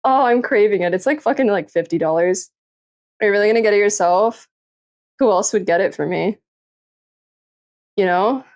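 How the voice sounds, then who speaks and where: A woman's voice: medium pitch, moderate pace, long pauses, darkish tone. A woman livestreamer chatting casually late at night, tired and a little tipsy, giggling often and swearing freely as she rambles. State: tired and tipsy after drinking.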